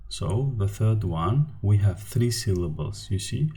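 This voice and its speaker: A man's voice: fairly low pitch, expressive, takes it slowly, few pauses, mellow. A man with a Turkmen accent teaching a language lesson over slides, hesitant, with many fillers and restarts as he sounds out syllables one by one. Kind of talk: slide-based grammar lesson.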